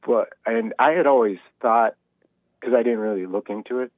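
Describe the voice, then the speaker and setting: A man's voice: medium pitch, moderate pace, no room sound. Man calling in on a tinny phone line. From Minnesota. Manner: relaxed storytelling, hesitant restarts. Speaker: caller. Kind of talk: phone-in conversation.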